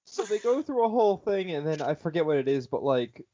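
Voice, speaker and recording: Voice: mid-range voice, sing-song, fairly quick, dark tone. A podcast co-host in casual chat who laughs often, swears, and retells scenes. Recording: dull lo-fi sound.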